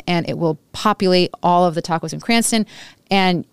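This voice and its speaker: A woman's voice: lowish voice, gravelly, clean tone, dry recording. A woman appearing as a podcast guest who reviews food, chatting in an effusive, enthusiastic way. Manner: effusive, enthusiastic, quick bursts. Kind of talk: casual chat.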